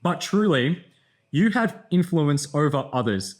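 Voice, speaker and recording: Tired young guy vlogging, rambly, swears a lot, kinda high voice. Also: animated, a little slow. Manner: rambling, frequent fillers and swearing. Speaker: content creator. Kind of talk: casual storytelling vlog.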